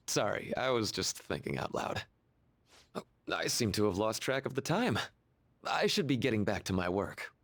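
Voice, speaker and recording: Soft-spoken counselor character for a game, slightly husky, thoughtful and apologetic. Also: male voice, mid-range voice. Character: gentle, thoughtful male school counselor.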